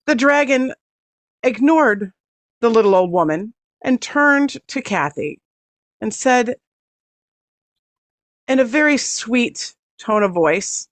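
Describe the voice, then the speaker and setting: A woman author narrates an improvised holiday fantasy tale at an unhurried pace. Her voice sounds close and dry, with little room around it. She folds acted-out character dialogue into the narration. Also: fairly high pitch, animated, no room sound. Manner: unhurried telling, acting out dialogue within the story. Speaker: author taking a storytelling turn.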